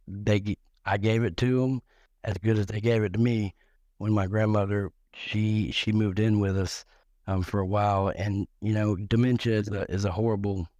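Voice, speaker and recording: A middle-aged man with a fairly low voice rambles through crude, joking stories on a live talk show. He keeps restarting and repeating words as he goes, and his voice sounds close and dry. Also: little pitch movement, moderate pace, darkish tone, no echo.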